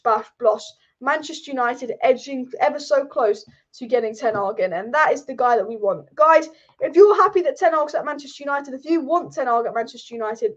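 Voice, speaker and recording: A woman hosts a live fan stream from home, chatty and excitable, circling back over the same points. Her voice sits high, and the stream audio is dull and lo-fi. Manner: excitable, rambling, repeats herself. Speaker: fan livestream host. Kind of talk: live fan commentary chat. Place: sitting at home.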